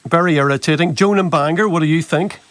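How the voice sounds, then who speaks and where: A man's voice: on the high side, fast talker, fairly bright tone, no room sound. A man hosting a radio talk show, teasing and bantering with guests. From Northern Ireland. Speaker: radio host.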